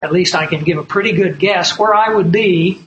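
A man's voice: sits high, moderate pace, a bit bright, highs cut off, slight background noise. A man preaching a sermon from printed notes, earnest and emphatic, repeating key lines and telling stories.

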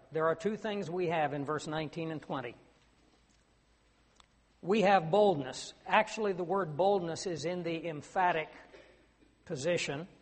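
High-voiced preacher in a reverberant hall. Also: male voice. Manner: earnest, rising to emphatic declamation. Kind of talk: sermon.

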